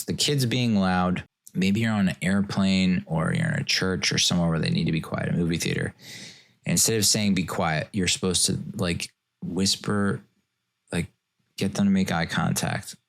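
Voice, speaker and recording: A man with a very low, gravelly voice talks through a casual solo podcast. He rambles, mocks himself, and now and then slips into sarcastic, mock-formal voices. He sounds like he is in his thirties. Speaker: podcast host.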